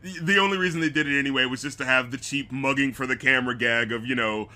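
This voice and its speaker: A man's voice: mid-range voice, quick pace, pushed and bright. A man co-hosting a casual movie review chat, sarcastic and swearing often, acting out scenes in silly voices. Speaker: podcast co-host.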